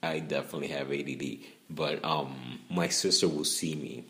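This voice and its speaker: A man's voice: extremely low pitch, moderate pace, a bit bright. A young man, rambling casually and profanely in a laid-back monologue.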